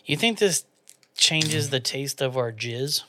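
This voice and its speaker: A man's voice: mid-range voice, animated, slow, heavy background noise. A man hosting a podcast, joking and swearing often in casual banter. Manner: profane, joking, laughs often. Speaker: podcast host.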